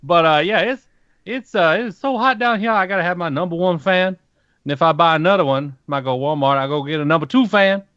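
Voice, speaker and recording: A man's voice: fairly high pitch, a little fast, a bit bright, clear, resonant tone, dry recording, lo-fi sound. A man with a Southern US accent co-hosting a podcast, rambling and jokey with many fillers. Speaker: podcast co-host. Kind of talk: casual podcast chat.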